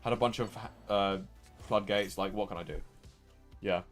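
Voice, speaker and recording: A man's voice: on the low side, normal speed, faint music behind. A young man streaming a card game live, talking through a loss with frustration and repeating himself. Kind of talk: live gameplay commentary.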